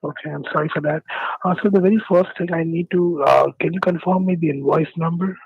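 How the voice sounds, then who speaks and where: A man's voice: on the high side, steady tone, fairly quick, gravelly, husky, dry recording. A man calling on the phone, polite and scripted, hesitating with fillers. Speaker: scam caller. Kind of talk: phone call. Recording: dry, tinny phone line.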